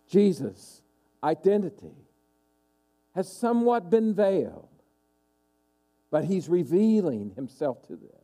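A male pastor preaching with a lively, swooping delivery that climbs and falls as he presses his point. His voice sits a little high for a man yet sounds dark and mellow. He drives home each question by repeating it with emphasis. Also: slow, pauses often. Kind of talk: sermon.

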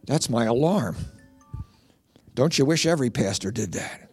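A middle-aged man from Pennsylvania doing stand-up comedy as a comedian and preacher, telling animated stories with punchy jokes. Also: medium pitch, moderate pace, long pauses, breathy edge, faint music behind.

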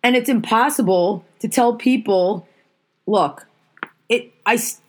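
A woman's voice: a little high, slow. A woman hosting a podcast, ranting heatedly and swearing often. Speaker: podcast host. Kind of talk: casual podcast rant.

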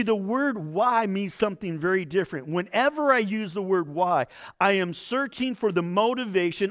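A man delivering a sermon in a fairly high voice that swings widely up and down. He speaks slowly and deliberately, climbing for emphasis and sinking low to a hush. The delivery is expressive and teaching. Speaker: pastor.

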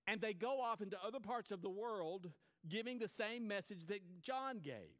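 Animated storytelling preacher, man. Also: sits high, a little fast, few pauses. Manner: storytelling, repeats phrases, acts out quotes. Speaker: pastor. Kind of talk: sermon.

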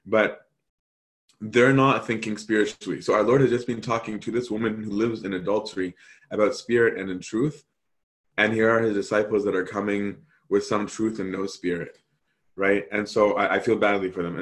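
A man preaching a sermon, animated and acting out quoted voices as he teaches. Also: fairly low pitch, moderate pace.

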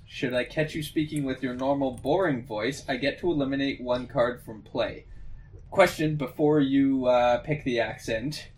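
A man's voice: mid-range voice, moderate pace. Hesitant Canadian man in casual chat. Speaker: podcast co-host.

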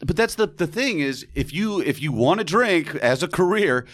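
A young man from Atlanta telling a drunken high school story on a podcast, acting out the people in it in a loose, profane way. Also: normal speed. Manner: animated, profane, acts out voices in anecdotes. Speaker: podcast guest. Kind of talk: casual storytelling chat.

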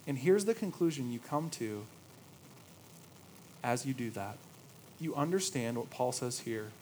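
A man in his thirties preaching a sermon, moving between quiet reverent passages and lively storytelling. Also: medium pitch, unhurried, a little hiss or hum, rough recording. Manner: storytelling, swings from hushed awe to lively anecdote. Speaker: pastor.

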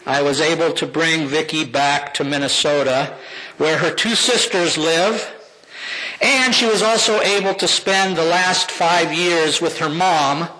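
An older man, a pastor, giving a heartfelt personal testimony to his congregation with slow, emphatic phrases. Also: on the high side, pushed and bright, rough recording.

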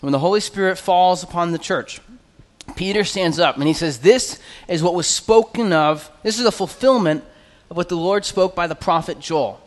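A man preaching an expository sermon as pastor, earnest and conversational, with quick asides. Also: sits high, big-room sound.

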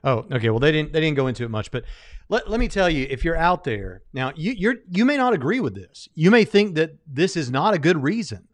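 A man's voice: on the high side, sing-song, a little fast. A man co-hosting a podcast, arguing his point step by step in casual commentary. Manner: argumentative, builds a case step by step. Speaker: podcast co-host.

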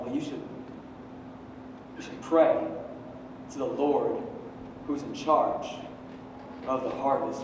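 A man in his thirties preaching a sermon, swinging from loud, emphatic peaks down to quiet joking asides. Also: mid-range voice, fairly even intonation, slow pace, long pauses, noisy background. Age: 30s. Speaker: pastor. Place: church hall. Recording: echoey hall from far off.

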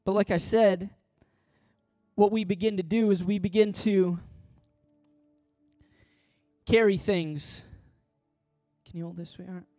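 Male pastor, middle-aged, impassioned sermon delivery, loud and soft by turns, dry mic. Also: sits high, fairly even intonation, takes it slowly, pauses often, no room sound, soft background music. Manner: impassioned, swings from loud pleading to soft tender asides.

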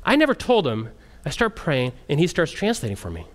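A man who works as a missionary, telling a story to a group in an animated way and often restarting his sentences. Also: on the high side, brisk. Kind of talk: storytelling testimony talk.

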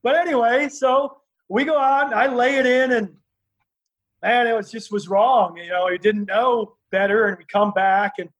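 Male interview guest, high-pitched, animated storyteller, lots of fillers and restarts. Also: normal speed, low-quality recording. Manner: laughs while telling stories. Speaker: interview guest, former wrestler.

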